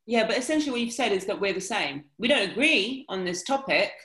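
Woman dating-coach type, frank and animated, acts out quotes, echoey room. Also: mid-range voice, brisk. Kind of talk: casual podcast chat.

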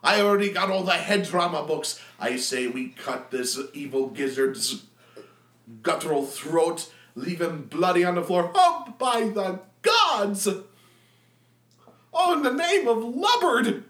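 A man voicing a dim, bloodthirsty male adventurer who blusters loud threats in broken grammar. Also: high-pitched, lively intonation, unhurried, roomy sound, voice pushed up. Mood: menacing.

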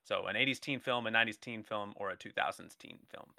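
A man with a very bright, tense tone hosts a casual podcast chat. He walks through the rules step by step, with small restarts. The sound is dry and close to the mic. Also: fairly low pitch, fast talker, vocal fry, no echo. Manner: explains the format step by step, with small restarts and fillers. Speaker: podcast host.

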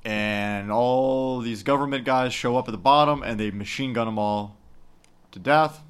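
A man co-hosting a podcast, casually retelling a movie's plot with frequent laughs and quick mocking quotes. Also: mid-range voice, smooth. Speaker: podcast co-host. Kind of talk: casual movie recap chat.

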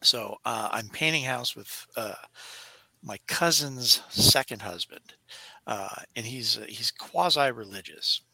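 Bright-voiced man telling animated stories. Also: mid-range voice, a little slow, gravelly, no echo. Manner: animated storyteller who acts out voices. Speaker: podcast co-host. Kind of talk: casual chat.

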